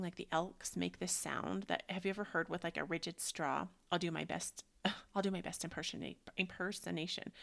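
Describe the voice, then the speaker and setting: A woman with a lowish, gravelly voice talks in a rambling, chatty way, full of "like" and loose asides. She speaks as a yoga teacher sharing spiritual reflections, and often sinks into a soft near-whisper as she guides a meditation. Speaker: yoga teacher hosting a book club.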